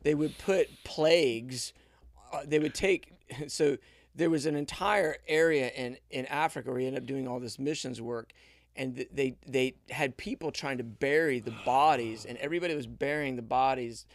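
A man with a gravelly, creaky voice retelling a faith story loosely. He keeps restarting sentences as he goes. The sound is close and dry. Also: medium pitch, normal speed, no echo. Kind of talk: casual faith conversation.

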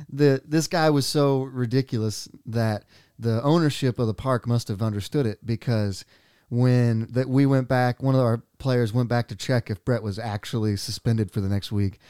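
A man with a smooth, clear voice telling a story in casual chat. He laughs a lot and drops quick asides into it. The sound is dry and close. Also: medium pitch, steady tone, dark tone, no room sound.

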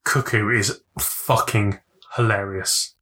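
A man's voice: on the low side, fairly even intonation, takes it slowly, bright, forceful tone. A young man co-hosting a podcast, joking and swearing in loose casual banter. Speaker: podcast co-host.

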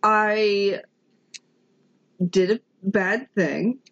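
A woman's voice: medium pitch, very slow, lo-fi sound. A woman co-hosting a casual podcast chat, making teasing jokey remarks.

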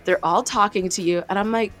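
A woman's voice: medium pitch, fairly quick, faint music behind. A young woman from South Carolina in casual chat, telling a story with acted-out quotes and frequent laughter. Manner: animated storyteller, acts out quotes, laughs often.

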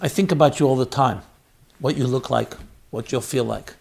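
A man's voice: mid-range voice, creaky, breathy edge. A man speaking as a tender mother to her unborn baby. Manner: slow, soft and soothing.

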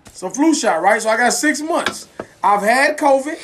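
A man's voice: very high voice, animated, normal speed, music in the background. A man co-hosting a casual chat, telling stories animatedly with crude slang and frequent laughter.

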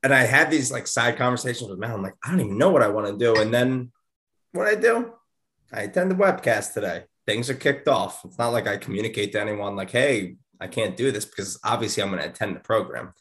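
A man's voice: on the low side, animated, fast, fairly bright tone. A man chatting casually on a podcast over a video call, rambling with lots of fillers. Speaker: podcast co-host. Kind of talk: casual chat. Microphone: video call mic.

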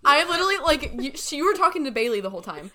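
A young woman co-hosting a casual podcast, her voice sitting a little high. She giggles often and keeps apologizing, sometimes sinking into a near hush between bursts of laughter. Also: very animated, rapid-fire, crowd noise. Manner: giggly, apologetic, talks quietly at times. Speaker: podcast co-host. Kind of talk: casual chat.

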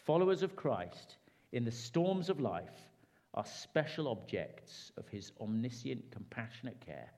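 A man preaching a sermon, with dramatic rises and hushed drops. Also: mid-range voice, big pitch swings, unhurried.

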